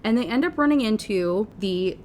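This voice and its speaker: A woman's voice: medium pitch, animated, normal speed, darkish tone, a little hiss or hum. An American woman ranting sarcastically and animatedly in her book review. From United States.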